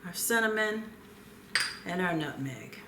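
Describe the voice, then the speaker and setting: Lady walking thru a recipe in her kitchen, easy gentle voice, roomy echo. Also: on the low side, animated, heavy background noise. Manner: gentle, unhurried, talks while working. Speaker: cooking show host. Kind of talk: cooking demonstration with calm chat. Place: home kitchen.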